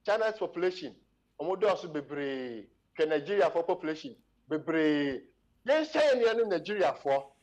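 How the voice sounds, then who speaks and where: A Ghanaian man with a notably high voice argues his case as a studio panel guest. He switches between Twi and English. His delivery is emphatic and impassioned, close to preaching. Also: lively intonation, normal speed, darkish tone, dull audio. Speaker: studio guest addressed as doctor.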